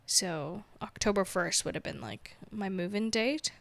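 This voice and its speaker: A woman's voice: mid-range voice, unhurried, gravelly, fairly bright tone, dry recording. A woman hosting her own podcast, chatting casually in a rambling, self-mocking way and laughing often. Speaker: podcast host. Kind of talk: casual solo chat.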